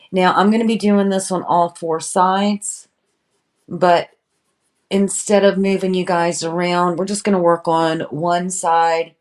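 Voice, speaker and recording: Slow, low-voiced woman painter. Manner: chatty, greets viewers by name. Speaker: furniture painting livestream host. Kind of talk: casual live demonstration.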